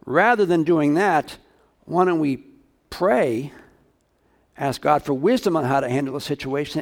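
A male pastor preaching a sermon, talking casually and asking his congregation questions. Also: on the high side.

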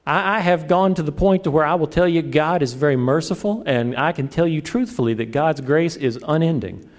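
A middle-aged man preaching a sermon, animated and joking, acting out his own prayers. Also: fairly high pitch, a little fast. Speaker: pastor.

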